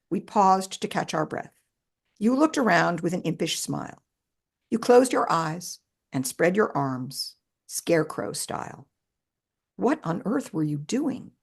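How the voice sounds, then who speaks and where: A woman author reading her own personal essay aloud in a measured, expressive way with shifting emphasis. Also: lowish voice, gravelly, slightly rough.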